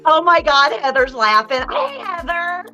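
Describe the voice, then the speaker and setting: A cheerful woman chats through a live card-reading stream, her voice high and bright. She is theatrical and laughs easily. Faint music plays behind her. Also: very animated, unhurried, lo-fi sound. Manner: bubbly, theatrical, laughs often. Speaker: live psychic card reader and co-host. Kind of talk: casual live-stream chat.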